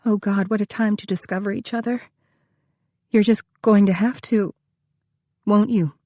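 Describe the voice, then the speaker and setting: A woman's voice: medium pitch, fairly even intonation, normal speed, dark tone, no room sound, pitched above the performer's own voice, lightly acted. A woman voicing a distraught, accusing young woman. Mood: angry. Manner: emotional, accusing.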